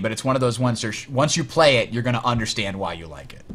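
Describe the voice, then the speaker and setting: A young man hosts a casual gaming show, relaxed, laughing often and talking with many fillers. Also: medium pitch, quick pace. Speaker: podcast and stream host.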